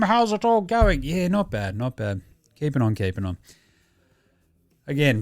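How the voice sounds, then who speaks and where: A man's voice: medium pitch, no room sound, studio quality. A young Australian man hosting a sports podcast in casual, rambling banter, swearing and laughing often. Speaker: podcast host.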